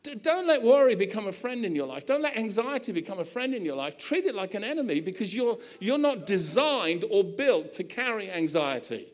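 A man preaching to his congregation, his voice sitting high and swinging widely as he builds his points. He talks conversationally, slipping into joking asides and playful voices for the people in his stories. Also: fairly quick, few pauses. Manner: animated preaching with humorous asides. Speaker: pastor. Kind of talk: sermon.

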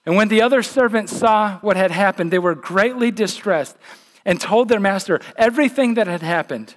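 A pastor preaches with conversational emphasis, often stumbling and restarting his words as he presses a point home. His man's voice sits notably high, swinging between quick asides and slow, weighty lines. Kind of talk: sermon.

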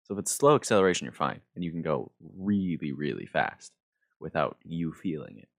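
Very deep-voiced man chatting casually. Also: animated, brisk, creaky. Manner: rambling storyteller, laughs often. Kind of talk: casual chat.

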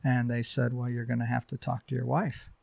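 A middle-aged man sharing a personal testimony on a podcast, halting and heartfelt, with many fillers. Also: medium pitch, monotone, creaky, a little mellow, dry recording. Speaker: podcast guest.

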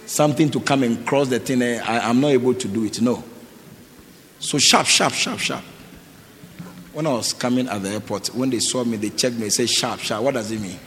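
A man's voice: mid-range voice, a little fast, a bit bright. A man preaching to a congregation, calling people forward for offerings, repeating short commands and firing questions at the crowd. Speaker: pastor. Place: church. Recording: echoey hall with faint noise.

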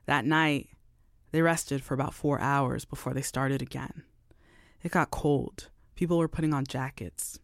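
A man hosting and narrating a story in a measured, dramatic way. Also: mid-range voice, steady tone, vocal fry, no room sound, studio quality. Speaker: host and narrator. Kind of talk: scripted narration.

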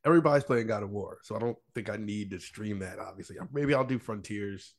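A man's voice: fairly low pitch, brisk. A man hosting a gaming podcast in casual chat, laid-back and laughing often. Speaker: podcast host.

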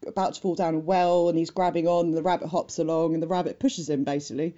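A woman's voice: low-pitched, fairly even intonation, dark tone, lo-fi sound. A woman, co-hosting a casual film chat podcast and making chatty, wry remarks. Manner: chatty, swears, does quick mocking voices. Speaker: podcast co-host.

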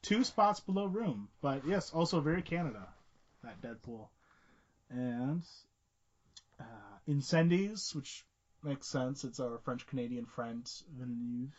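A man's voice: mid-range voice, animated, unhurried. Man chatting casually, muffled sound. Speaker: podcast co-host. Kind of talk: casual film podcast chat. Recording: muffled lo-fi audio.

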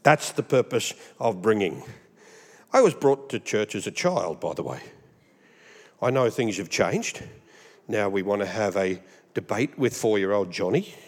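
An Australian man preaching a sermon, animated and humorous, mimicking voices as he goes. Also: fairly low pitch, measured pace, pauses often, long reverb tail. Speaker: pastor.

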